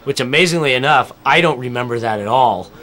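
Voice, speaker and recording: A man's voice: medium pitch, brisk, sharp tone. A man giving casual, profane, rambling commentary over a film, telling band stories.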